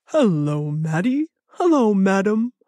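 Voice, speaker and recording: A woman voicing a cheerful, friendly male bear in a children's audiobook, warm and enthusiastic. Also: mid-range voice, big pitch swings, slow pace, no room sound.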